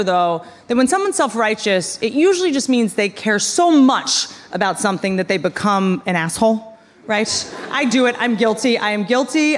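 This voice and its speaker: A woman's voice: medium pitch, big-room sound. A woman in her thirties performing a sarcastic stand-up comedy set on a large theater stage before a live audience. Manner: sarcastic, wry storytelling.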